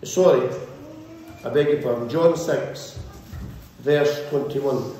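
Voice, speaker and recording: A man's voice: medium pitch, slow pace, dark tone, slight background noise. A male pastor preaching a sermon with fervent, repetitive, rhythmic build-ups. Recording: very echoey church hall, faint ambience.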